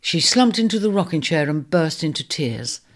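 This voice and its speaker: A woman narrating a storybook in a measured, expressive reading. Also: deep voice.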